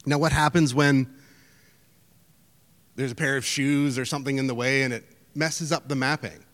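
A male pastor, preaching a sermon in a loose, conversational way with restarts. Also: on the high side. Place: church hall. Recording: echoey church hall.

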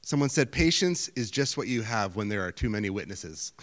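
A middle-aged man preaching a sermon in a conversational, self-deprecating storytelling manner, with lively outbursts. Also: fairly low pitch, moderate pace. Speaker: pastor. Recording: hall reverb.

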